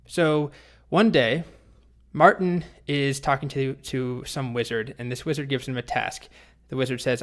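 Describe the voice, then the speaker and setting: A man teaching programming, telling a story and explaining in a relaxed, chatty way with small restarts. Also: medium pitch, measured pace. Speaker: programming instructor. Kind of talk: storytelling lesson narration.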